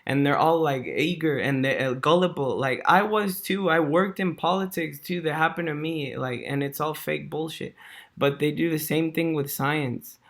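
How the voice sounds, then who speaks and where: A man with a fairly high-pitched voice rants loosely to his camera. He rambles through ums and restarts, drops dude and bro constantly, swears freely and chuckles at his own points. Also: normal speed, gravelly, a bit bright. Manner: slangy, swears a lot, heavy fillers, dude and bro. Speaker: vlogger. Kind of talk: casual ranting commentary.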